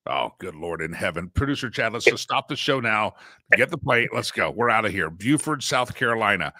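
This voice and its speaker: A man's voice: fairly low pitch, animated, fairly quick, bright, forceful tone, dry recording, clean studio sound. A man hosting a casual live talk show, chatty and folksy, chuckling as he reads out viewers' sayings. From Southern United States. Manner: chatty, folksy, laughs often.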